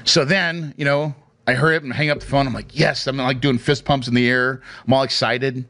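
Speaking at a fairly quick clip, this man has a medium-pitched, fairly bright voice with a steady tone. He casually shares his career story in a chatty way, often restarting hesitantly and tacking on "right?" as a tag question.

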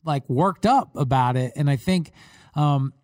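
A man's voice: fairly high pitch, unhurried, no echo, clean studio sound. A man from Long Island with a New York accent, a podcast host chatting casually and telling stories with emphasis. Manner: lively storyteller, emphatic. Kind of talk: casual chat.

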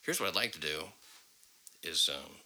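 A man's voice: rumbling low, very animated, moderate pace, sharp tone, poor audio. A man hosting a podcast, talking in a rambling, profane way with many fillers. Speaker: podcast host. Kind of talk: casual podcast chat.

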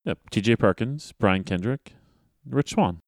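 A man with a very low voice talks in casual podcast chat, rambling and often restarting his sentences before landing on an emphatic point. The sound is dry and close, with no room around it. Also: lively intonation, a little slow, no echo. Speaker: wrestling podcast co-host.

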